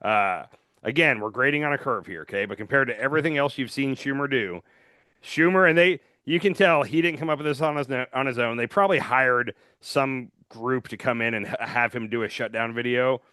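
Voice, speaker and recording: A man hosting a casual political chat, blunt and opinionated, talking in quick asides. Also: mid-range voice, sharp tone, no room sound, clean studio sound. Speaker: podcast host.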